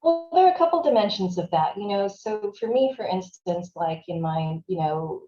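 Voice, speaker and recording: A woman's voice: mid-range voice, expressive, moderate pace, over music. A woman, a writer and performer, speaking thoughtfully as an interview guest, searching for words with many casual fillers. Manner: thoughtful, searching, frequent "you know" and "like" fillers. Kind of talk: reflective conversational interview. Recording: roomy, dull lo-fi sound.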